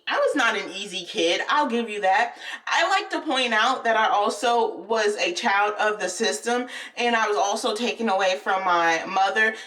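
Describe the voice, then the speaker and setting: A young woman vlogger telling a personal story in casual, candid chat, animated and often laughing. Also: fairly high pitch, recorded from a distance.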